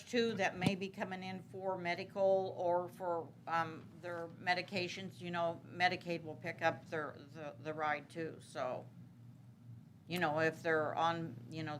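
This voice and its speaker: A woman's voice: on the low side, background noise. A woman answering questions at a city council meeting, rambling with many fillers and restarts. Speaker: city transit manager.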